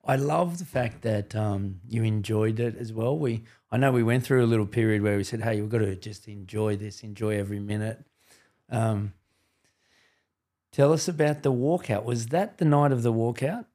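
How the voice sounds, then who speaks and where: Male interviewer, mid-pitched, chatty and supportive. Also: moderate pace, mellow. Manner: encouraging, many "yeah" backchannels. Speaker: podcast host. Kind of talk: casual interview questions.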